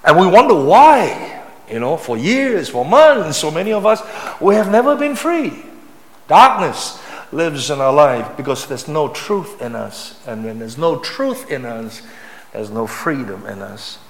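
A middle-aged man with a Malaysian English accent, preaching a sermon as pastor, stressing phrases by repeating them and moving between loud and hushed delivery. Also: on the high side, very animated, a little slow. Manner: emphatic preaching, repeating key phrases and swinging from loud to soft. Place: large church hall. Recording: echoey church hall with long reverb.

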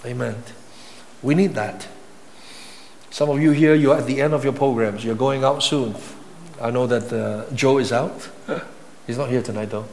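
A man preaching a sermon as a pastor, emphatic and repetitive, often building to high, intense passages. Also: unhurried, gravelly, pauses often, darkish tone, a little hiss or hum. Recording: long hall reverb.

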